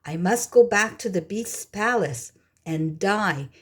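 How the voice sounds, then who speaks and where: A woman's voice: mid-range voice, expressive, slow pace, slightly rough. Woman voicing a weary, sad old father. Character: tired, sad older father.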